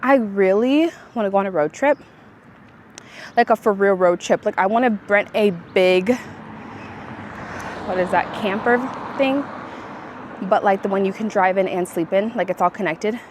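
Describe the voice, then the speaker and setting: A young woman talks straight to her viewers in a loose, rambling vlog chat. She strings her thoughts together with plenty of likes and restarts. Her pitch sits right in the middle for a woman. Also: normal speed, pauses often, a little hiss or hum. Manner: chatty and rambling, full of likes and self-corrections. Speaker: vlogger. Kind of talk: casual chat to camera.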